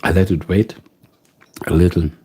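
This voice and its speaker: A man with a German accent hosting a casual live stream from home, musing slowly and greeting viewers by name. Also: sits low, fairly even intonation, a little mellow, breathy edge. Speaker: livestream host.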